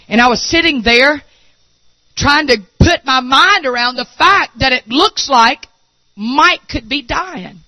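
A male preacher, telling a story in a sermon and building to impassioned shouting. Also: very high voice, slow pace, no room sound, rough recording.

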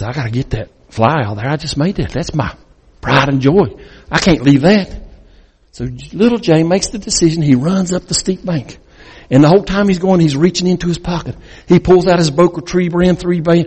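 A man preaching as a guest speaker, telling a dramatic story that swings between loud and hushed. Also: fairly high pitch, slightly rough. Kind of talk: sermon storytelling. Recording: long reverb in a large hall.

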